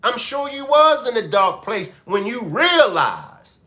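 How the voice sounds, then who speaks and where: Man doing a live stream commentary, aave, bright voice, slow and drawn out, keeps repeating himself at the chat. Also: very high voice. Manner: animated, repeats questions to the chat. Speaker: commentary show host.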